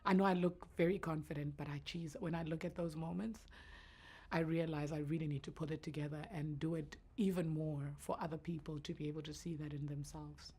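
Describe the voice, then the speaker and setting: Woman w a low husky voice, earnest, kinda reflective, restarts a lot. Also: steady tone, a little fast, dark tone. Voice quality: naturally deep voice. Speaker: entrepreneur guest. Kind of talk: emotional interview answers.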